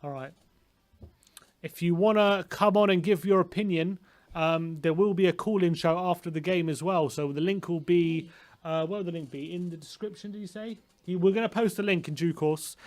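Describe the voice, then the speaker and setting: A man's voice: a little high, steady tone, normal speed, a little mellow. Emphatic English man co-hosting football chat. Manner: confident, emphatic, repeats his points. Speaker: co-host of a football watchalong. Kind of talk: casual football chat and commentary.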